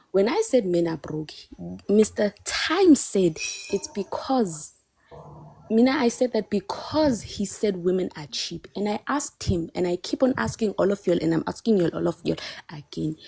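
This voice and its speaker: Impassioned South African woman, mellow dry voice. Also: lowish voice, gravelly, breathy edge, no echo. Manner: impassioned, defensive, emphatic. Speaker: caller on a live panel. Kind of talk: heated live-stream debate.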